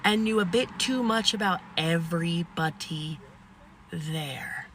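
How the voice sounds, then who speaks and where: A woman who works as a home health aide telling a comic story, animated, blunt and salty. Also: lowish voice, slow pace, slight background noise.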